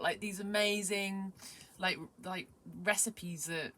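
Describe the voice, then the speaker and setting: A young adult woman vlogging casually, rambling excitedly with many fillers and sometimes dropping to a whisper. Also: on the low side, normal speed, slight background noise. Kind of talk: casual vlog chat.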